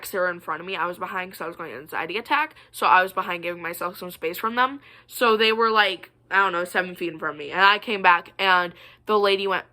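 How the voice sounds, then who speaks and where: A woman's voice: medium pitch, fairly quick, bright, forceful tone. A young woman vlogger telling stories to the camera in a casual, chatty and rambling way. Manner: chatty, rambling, many fillers and asides.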